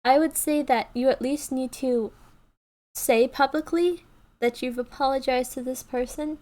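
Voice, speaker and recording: A woman's voice: high voice, a little slow, darkish tone. A woman YouTube creator giving casual, earnest advice to her viewers, often checking in with "okay" and "right" and restarting her sentences. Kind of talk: casual advice talk to camera.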